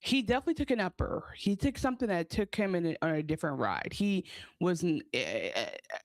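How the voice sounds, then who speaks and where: A woman's voice: on the low side, sing-song, fairly quick, no echo. A woman co-hosting a podcast, chatting casually about a TV episode, rambling and acting out the characters' lines. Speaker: podcast co-host. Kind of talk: casual TV recap chat.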